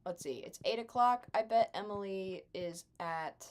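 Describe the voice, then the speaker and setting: A woman's voice: medium pitch, unhurried, few pauses. A young adult woman chatting casually with her live stream chat while gaming, sarcastic and chatty.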